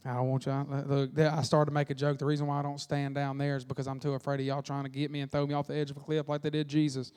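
A man preaching a Sunday sermon, folksy and animated, acting out quotes along the way. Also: medium pitch, fast talker, few pauses, smooth. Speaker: pastor. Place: church sanctuary. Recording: long reverb of a church hall.

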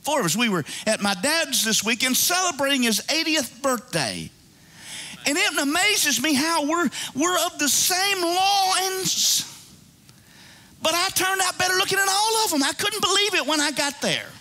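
A man's voice: very high voice, animated, moderate pace, sharp tone. A pastor in his fifties preaching a sermon. He is exuberant and jokey and breaks into whooping exclamations.

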